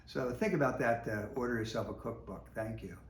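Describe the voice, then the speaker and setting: A man's voice: medium pitch, fairly quick. A middle-aged man, a parish priest, giving a casual, conversational reflection with lots of fillers and asides. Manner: folksy and conversational, with many fillers. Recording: echoey room with faint noise.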